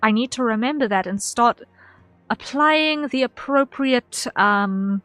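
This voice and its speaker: A woman's voice: fairly high pitch, takes it slowly, a bit bright, no echo. A woman streamer in casual chat with her viewers, rambling and repeating herself with lots of ums. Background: faint background music.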